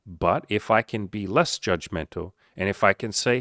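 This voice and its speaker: A man's voice: fairly low pitch, moderate pace, hardly any pauses, fairly bright tone, no room sound, studio quality. A young man, a coach, talking straight to camera in a blunt, profane, earnest and encouraging way. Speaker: dating and life coach. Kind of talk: casual direct-to-camera talk.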